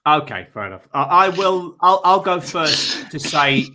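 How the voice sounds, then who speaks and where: A man hosting a comedy panel show, chatting casually and reading out questions in a wry, measured way. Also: a little high, sing-song, sharp tone.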